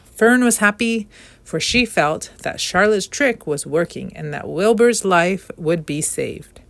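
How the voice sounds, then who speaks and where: Woman, children's story reader, steady and clear, dry close sound. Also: mid-range voice, no echo. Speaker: narrator. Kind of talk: reading a children's novel aloud.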